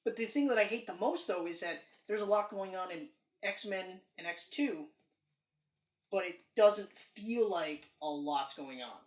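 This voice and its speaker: Animated woman in an echoey room. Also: medium pitch, a little slow. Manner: animated and emphatic, acts out quotes, swears casually. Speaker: podcast co-host. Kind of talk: casual film review chat. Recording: roomy echo.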